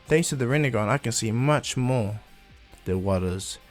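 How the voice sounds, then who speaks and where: A man voicing a calm, self-assured young male ninja prodigy who speaks quietly. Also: mid-range voice, moderate pace, faint music behind, lightly acted.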